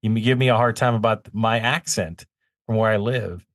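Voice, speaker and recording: A man with a somewhat low voice co-hosting a music podcast, heard dry and close with no room sound. He praises songs warmly and teases his co-host with playful fake outrage. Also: normal speed, no room sound. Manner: teasing, mock-indignant banter. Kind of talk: casual music review chat.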